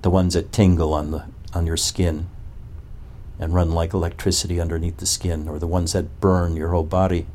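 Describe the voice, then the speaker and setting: A man's voice: low-pitched, flat delivery, moderate pace, a little mellow, slight background noise. A man as a spiritual teacher, giving a talk to a gathering and asking one probing rhetorical question after another.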